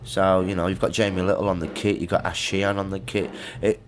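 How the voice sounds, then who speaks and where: A middle-aged man with a Birmingham accent, a musician guest chatting in a music studio. His voice sits very low. He tells long, rambling anecdotes in an easygoing way. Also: level tone, quick pace, a little hiss or hum. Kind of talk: casual chat interview.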